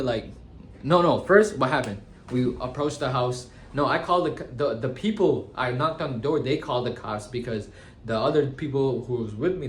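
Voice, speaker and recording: A young man in his twenties, a tattoo shop owner, telling stories to camera in a slangy, animated, casual way. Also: medium pitch, slight background noise. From United States. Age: 20s. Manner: slangy and animated, says bro and guys a lot. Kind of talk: casual storytelling vlog.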